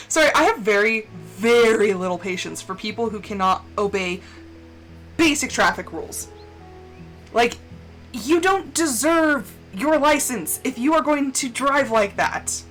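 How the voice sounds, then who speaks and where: A woman streamer tells a story in a high, bright voice that swings widely up and down. She rants with indignation and swears freely. Soft music plays quietly behind her. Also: a little slow, pauses often, poor audio. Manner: animated, swears a lot, indignant ranting. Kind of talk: casual storytelling while gaming.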